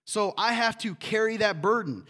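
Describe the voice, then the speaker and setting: A man preaching a sermon in a church, animated and acting out quotes in different voices. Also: sits high, normal speed. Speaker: pastor.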